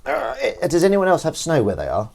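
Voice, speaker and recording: Fairly high-pitched yet darkish and creaky, this man's voice swoops wildly in pitch at a normal speed. He hosts a casual livestream from his home kitchen, washing up while chatting and reading out comments. Rambling and self-deprecating, he reads chat aloud over clinking dishes and cutlery.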